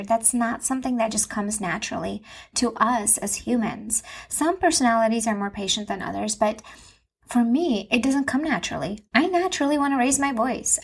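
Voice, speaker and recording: A woman in her thirties talks on her own podcast from home, open and confessional, and she repeats her points for emphasis. Her voice sits a little high and has a soft husky edge. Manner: earnest and confessional, with emphatic repetition. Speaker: podcast host and Christian mom coach. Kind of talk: personal podcast monologue.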